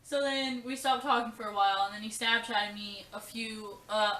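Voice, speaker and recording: A young woman tells a personal story in a casual vlog, rambling and emotional, her talk full of fillers and quoted lines. Her voice sits a little high and sounds bright and crisp. She is recorded from some distance in a roomy, echoey space. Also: fairly even intonation, normal speed, a little hiss or hum. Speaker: vlogger.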